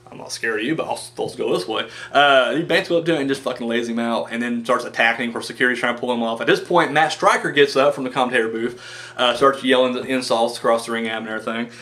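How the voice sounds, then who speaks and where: A man with a sharp, mid-range voice talks quickly through a casual video review of a wrestling show. He rambles enthusiastically, swears freely and acts out the wrestlers' lines in mock voices.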